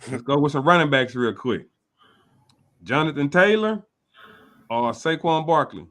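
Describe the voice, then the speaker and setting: A man's voice: fairly high pitch, lively intonation, a little slow, fairly bright tone. A man hosting a casual sports interview, laid-back and full of slang as he gives advice. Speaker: host.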